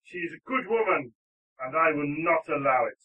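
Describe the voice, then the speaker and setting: A man's voice: a little high, lively intonation, normal speed, slightly rough. A man voicing a pompous, passionate young male lover who makes grand, declaiming speeches in a tabletop game. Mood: defiant. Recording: tinny phone-like line.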